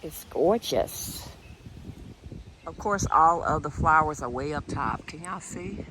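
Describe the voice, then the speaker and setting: A woman's voice: deep voice, animated, takes it slowly, background noise. Chatty woman filming her yard. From United States. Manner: chatty, keeps addressing viewers as y'all, often drops to a soft hush. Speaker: vlogger. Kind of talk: casual chat to camera. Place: outdoors in her yard by a tree.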